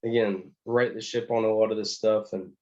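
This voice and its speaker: A man's voice: lowish voice, fairly even intonation, normal speed, a little mellow, muffled recording. A man co-hosting a casual podcast, wry and laid-back in his banter. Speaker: podcast co-host. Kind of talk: casual chat.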